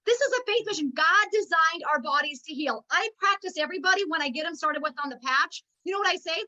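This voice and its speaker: A woman's voice: very high voice, expressive, fast talker, bright, forceful tone, muffled recording. A middle-aged woman giving an emotional, preachy motivational talk at a network marketing meeting. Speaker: network marketing team leader.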